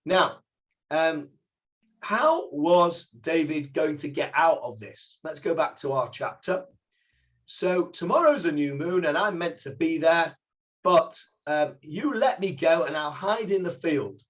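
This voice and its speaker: A man's voice: fairly high pitch, lively intonation, unhurried, fairly bright tone, muffled recording. A middle-aged man, a rabbi teaching an informal Bible class, who explains Hebrew words step by step and asks the class questions. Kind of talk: informal text study class.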